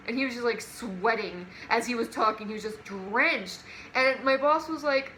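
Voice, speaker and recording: Young female vlogger, chatty and giggly storyteller, slightly high and bright tone. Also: moderate pace, a little hiss or hum. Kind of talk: casual storytime.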